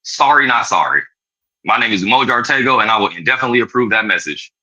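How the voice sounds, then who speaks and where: A man delivering an impassioned, profane rant in an animated, preachy way. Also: fairly low pitch, quick pace, low-quality recording.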